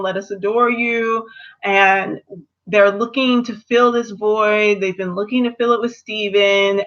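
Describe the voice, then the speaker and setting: A young woman in a casual review chat, animated and slipping into character voices as she retells scenes. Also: mid-range voice, lo-fi sound. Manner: animated, acts out characters in quotes. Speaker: video reviewer.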